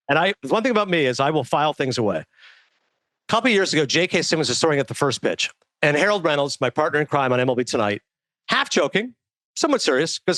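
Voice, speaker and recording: Male guest, quick and slightly high voice, storytelling on a dry close mic. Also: no room sound. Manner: animated anecdote-telling, quoting others. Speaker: guest author. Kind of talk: casual storytelling.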